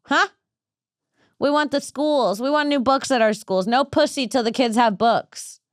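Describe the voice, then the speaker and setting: A woman's voice: sits high, unhurried, no echo, clean studio sound. A woman comedian hosting a casual podcast, brash and rambling, often laughing at her own jokes.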